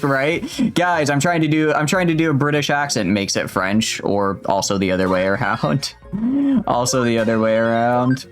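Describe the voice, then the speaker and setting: A young man casually chatting with viewers while streaming a game, rambling and laughing often. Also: on the low side. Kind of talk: casual gameplay livestream chat.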